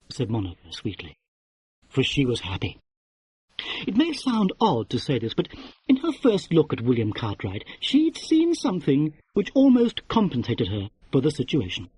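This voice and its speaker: Husky, animated male audiobook narrator. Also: mid-range voice, moderate pace. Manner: wry, expressive storytelling.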